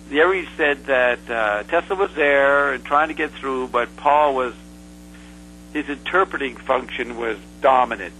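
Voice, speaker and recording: A man being interviewed, recounting a past event in a halting, rambling way full of fillers and restarts. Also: mid-range voice, bright, forceful tone, slight background noise, rough recording. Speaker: interview guest. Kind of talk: casual storytelling.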